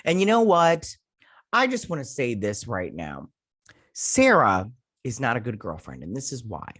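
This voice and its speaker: A man's voice: on the low side, wildly swooping pitch, normal speed, pushed and bright, breathy edge, dry recording, clean studio sound. A man hosting an online show, casually retelling and reviewing a TV episode with lots of fillers, getting heated with opinions. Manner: rambling retelling with many fillers and acted-out quotes. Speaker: host.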